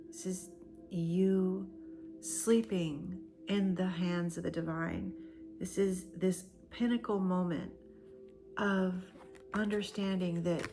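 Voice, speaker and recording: Woman, spiritual card reader, low-ish voice, very slow and emphatic, drifts into near-whispers. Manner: slow, emphatic and repetitive, dropping into soft breathy near-whispers. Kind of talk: channeled collective oracle card reading.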